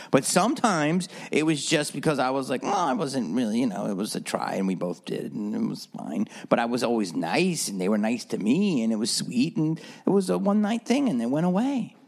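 A man's voice: brisk, hardly any pauses. A man hosting a solo podcast, talking bluntly and profanely, sometimes acting out other people's voices. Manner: animated, swings between low mutters and high mock voices. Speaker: podcast host. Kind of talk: opinionated solo podcast rant.

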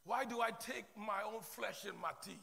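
A male pastor preaching an impassioned sermon that climbs into shouted worship, addressing his congregation in a church sanctuary. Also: sits high, normal speed, creaky. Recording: long reverb of a large hall.

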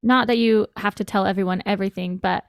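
A woman's voice: medium pitch, steady tone, fast talker, clear, resonant tone, dry recording, clean studio sound. A woman hosting an interview podcast, responding with effusive, empathetic reflections and questions. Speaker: podcast host. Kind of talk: interview conversation.

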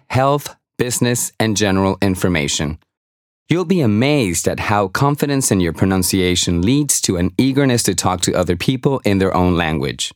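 A man narrating a language course, speaking slowly and carefully so listeners can repeat after him. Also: on the low side, no echo, studio quality. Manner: slow, carefully enunciated, prompting repetition. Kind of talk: scripted instructional narration.

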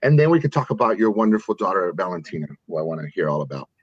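A man's voice: low voice, sing-song, rapid-fire, breathy edge, dry recording. A man hosting a casual interview, enthusiastic and effusive, often stumbling and restarting. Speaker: podcast host. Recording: dull dry podcast mic.

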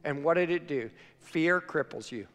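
A male pastor preaching a sermon, telling a story with animated shifts between loud and quiet. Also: on the high side, normal speed. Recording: long hall reverb, faint music.

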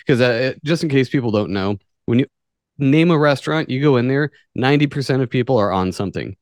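A man's voice: medium pitch, expressive, fast talker, darkish tone, no room sound, clean studio sound. A man hosting a casual chat, rambling and joking, acting out quotes.

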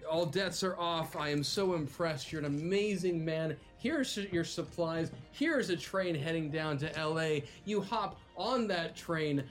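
A man's voice: on the high side, a little slow, hardly any pauses, faint music behind, pitched above the performer's own voice, natural voice. A man voicing an effusive, generous male emperor who speaks in a stately way.

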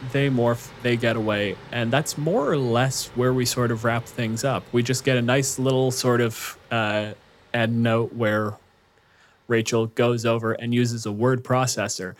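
Male podcast co-host, mid-pitched, casual and profane, running through a plot recap with lots of "like"s. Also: steady tone, unhurried. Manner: loose, profane storytelling with frequent fillers.

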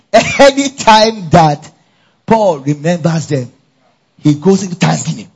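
A man with a high, slightly husky voice preaches at a church conference, energetic and full of call-and-response. He keeps tossing questions to the congregation and filling in the answers. The recording is dull and lo-fi. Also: slow pace. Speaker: pastor. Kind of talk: sermon.

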